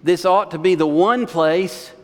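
A man's voice: high-pitched, unhurried, a little mellow. A male pastor preaching a sermon in a conversational, storytelling manner, recorded in a church sanctuary. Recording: long church reverb.

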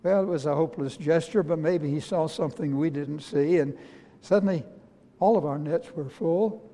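A preacher speaking as the remorseful apostle Peter. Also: male voice, fairly high pitch, dark tone. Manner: earnest first-person storytelling with halting restarts. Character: remorseful apostle Peter, middle-aged fisherman, humbled. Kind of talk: dramatic first-person sermon monologue. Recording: long reverb of a large hall.

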